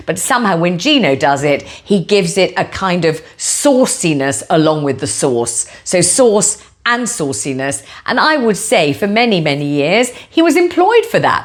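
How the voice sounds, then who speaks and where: Lively woman giving her opinion. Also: mid-range voice. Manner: emphatic, drawn-out stresses on key words; lively storytelling delivery. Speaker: host. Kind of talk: opinion monologue.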